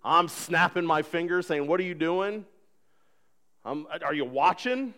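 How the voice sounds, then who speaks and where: A man in his thirties preaching a sermon in a church, conversational and animated, acting out little dialogues. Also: a little high, a little slow. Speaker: pastor. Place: church sanctuary.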